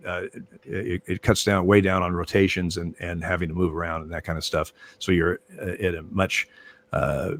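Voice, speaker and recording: An older man, a retired umpire, telling stories in a relaxed interview, with many fillers and restarts. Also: deep voice. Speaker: retired baseball umpire, guest. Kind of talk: casual interview storytelling.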